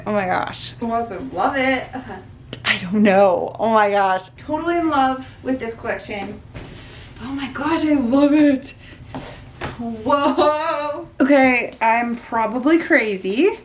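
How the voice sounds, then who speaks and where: Gushing, excitable woman vlogger. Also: fairly high pitch, takes it slowly, slight background noise. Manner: gushing, excitable, talks to herself. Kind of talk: casual unboxing chat.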